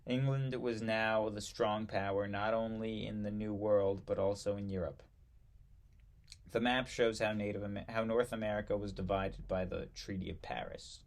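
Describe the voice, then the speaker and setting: A man reading aloud from an old history textbook, halting now and then to correct himself and add brief asides. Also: lowish voice, fairly even intonation, vocal fry. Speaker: history reader.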